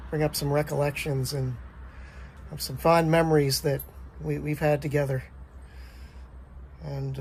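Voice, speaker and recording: A man's voice: a little high, darkish tone, slight background noise. A man recording a birthday greeting to his father, fondly recalling childhood with many uhs. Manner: fond reminiscing, hesitant with uhs. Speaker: son.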